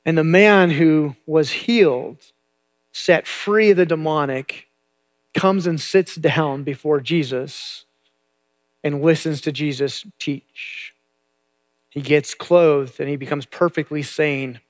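High-voiced male preacher retelling a story. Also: takes it slowly. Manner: conversational, repeats words while thinking. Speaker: pastor. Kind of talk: sermon retelling a Bible story.

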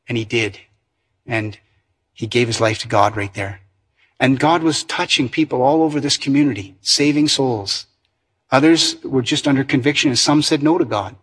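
Middle-aged Canadian man, husky voice, earnest sermon testimony. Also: medium pitch. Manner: earnest storytelling with restarts. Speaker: preacher.

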